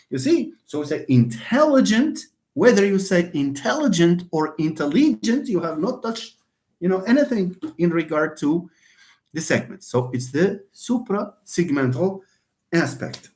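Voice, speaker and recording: Lively-pitched man lecturing on phonetics. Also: unhurried. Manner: repeats points, asks and answers own questions; addresses viewers as friends, greets them by name. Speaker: linguistics lecturer. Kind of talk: live online lecture.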